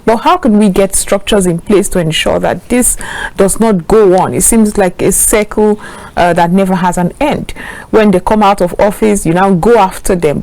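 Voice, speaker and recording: A woman's voice: medium pitch, darkish tone, no echo, poor audio. Woman, Nigerian accent, news anchor, earnest, questioning, fillers, studio commentary.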